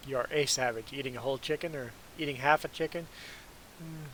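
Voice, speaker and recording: A man's voice: mid-range voice, a little fast, a bit bright, slight background noise, low-quality recording. A man from Canada whose first language is German, chatting casually with his viewers in a livestream Q&A and often laughing as he rambles. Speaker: trucker streamer answering chat.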